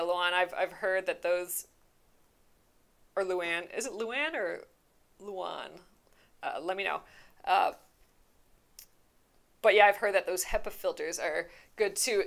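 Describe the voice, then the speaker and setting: A woman's voice: medium pitch, sharp tone. A young woman hosting a live embroidery stream, chatting casually and rambling through viewer questions with fillers, restarts and easy laughs. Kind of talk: casual live crafting chat, answering viewer comments.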